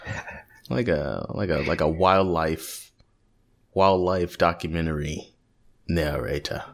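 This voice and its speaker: A man hosting a podcast, chatting casually with jokes at his own expense and halting restarts. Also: deep voice, gravelly. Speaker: podcast host.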